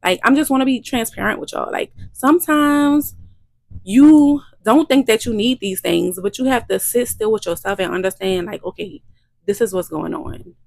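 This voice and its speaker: A woman's voice: on the high side, normal speed, gravelly, darkish tone, no echo. A woman, a midwife hosting her vlog, talking in an emotional, repetitive, faith-filled way. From Louisiana. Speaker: midwife and channel host. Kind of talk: heartfelt vlog testimony.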